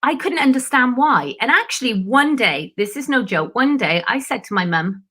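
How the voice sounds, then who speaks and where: A woman's voice: on the high side, lively intonation, moderate pace, bright, forceful tone, slightly rough. A woman, coaching on goal setting in a chatty live-stream style and laughing often. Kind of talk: casual live-stream chat.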